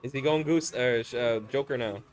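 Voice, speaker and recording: A man doing casual live commentary on a fighting game, loud and teasing, swearing freely. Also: mid-range voice, a little fast, soft background music. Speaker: esports commentator.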